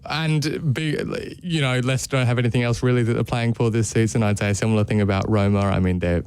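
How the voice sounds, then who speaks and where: A young man co-hosting a radio football show, chatting in a rambling, animated way. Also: medium pitch, quick pace, smooth, no room sound. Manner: animated, rambling, laughs often. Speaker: podcast co-host. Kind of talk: casual football chat.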